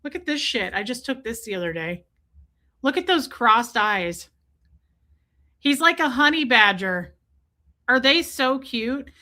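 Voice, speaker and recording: A woman on a casual live stream, rambling to her viewers about her pets. She talks in a bright, fairly high voice, swears freely and slips into goofy voices for her cats. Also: animated, measured pace, pauses often. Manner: chatty, profane, voices her pets in silly asides.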